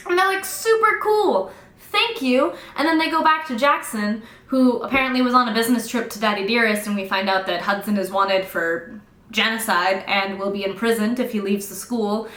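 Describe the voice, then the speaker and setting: A woman's voice: medium pitch, steady tone, fairly bright tone. Sarcastic young woman in a roomy room. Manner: sarcastic, fast-talking, swears freely. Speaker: book reviewer. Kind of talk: casual book recap. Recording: roomy echo.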